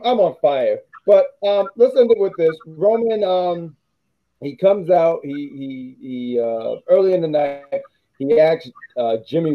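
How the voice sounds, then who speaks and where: Male podcast co-host, slightly high voice, casual rambling delivery, dull lo-fi recording. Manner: rambling, self-correcting, laughs often. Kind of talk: casual wrestling chat.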